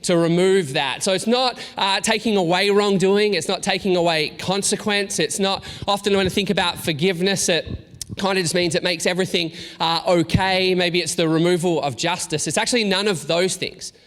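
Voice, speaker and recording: A man in his thirties, a pastor, giving a sermon in a casual storytelling way with halting restarts and self-deprecating asides. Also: high-pitched, fairly bright tone. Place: church hall. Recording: long reverb in a large room.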